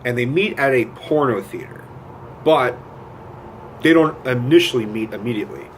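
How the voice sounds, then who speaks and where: A man giving a casual, profane film rant. He retells scenes with lively quoted voices and gets animated as he goes. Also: medium pitch, moderate pace, slight background noise. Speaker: movie reviewer.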